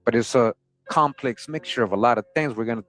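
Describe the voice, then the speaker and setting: Speaking fast in a mid-range, slightly bright voice, a man hosts a history channel and talks casually through old sources. He chuckles often and keeps asking viewers "right?", with faint music in the background.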